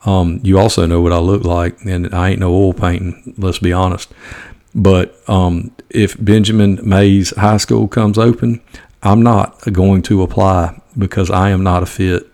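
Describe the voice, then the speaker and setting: A man's voice: sits low, little pitch movement, unhurried, darkish tone. A middle-aged man with a country Georgia accent, talking in a blunt, folksy, rambling monologue as a podcast host. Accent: Southern US, Georgia. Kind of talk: casual opinion monologue.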